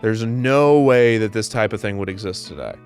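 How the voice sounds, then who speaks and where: Exasperated, sarcastic man ranting, low voice. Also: normal speed, soft background music. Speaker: host of a commentary show. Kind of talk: comedic commentary rant.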